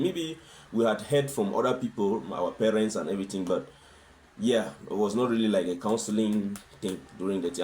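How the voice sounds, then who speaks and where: A man's voice: low-pitched, a little mellow, a little hiss or hum. A man talking as a guest in a conversational interview, earnest and fond of rhetorical questions. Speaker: husband sharing his experience as a guest.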